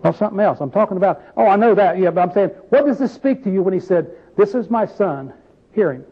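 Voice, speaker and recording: High-voiced folksy male preacher. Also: animated, fast talker, husky, muffled recording. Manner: folksy, asks the group questions, plain-spoken. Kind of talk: informal Bible-study sermon.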